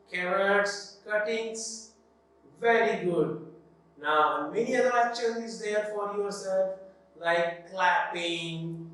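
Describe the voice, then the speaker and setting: High-voiced Pakistani English teacher, echoey room. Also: male voice, a bit bright, far from the mic. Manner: slow, patient, asks questions then answers them himself. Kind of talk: classroom English lesson for children.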